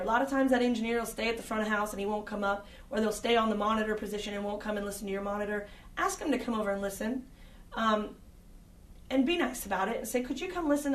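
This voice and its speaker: A woman's voice: on the high side, reverberant, distant mic. A woman who works as an audio engineer, giving direct, conversational advice to singers, with frequent fillers. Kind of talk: instructional talk.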